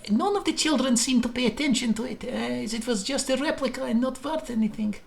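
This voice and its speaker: A man's voice: very high voice, a little fast, vocal fry, voice pushed up. A man voicing a grumpy old Russian babushka cook in a game, blunt and dismissive, with a put-on Russian accent. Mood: grumbly.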